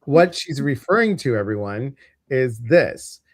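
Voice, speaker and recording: A man's voice: mid-range voice, animated, unhurried, no room sound. Chatty Midwestern man hosting a live stream. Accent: Midwestern American. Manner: chatty, rambling, many fillers. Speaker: host. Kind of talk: casual live-stream chat.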